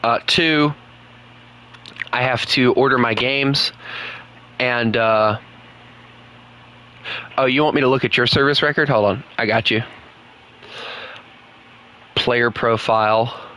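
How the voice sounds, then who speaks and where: A man's voice: mid-range voice, takes it slowly, pauses often, sharp tone, smooth. A man with a Southern US accent, chatting casually to his viewers while streaming a game, rambling and thinking aloud. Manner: chatty, rambling, fillers, talks to chat. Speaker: gaming streamer. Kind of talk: casual live commentary.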